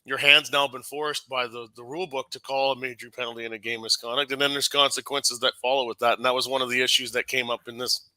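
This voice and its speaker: A man who referees hockey, talking casually and haltingly on a podcast, with many restarts. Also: mid-range voice, steady tone, pushed and bright, no echo, low-quality recording.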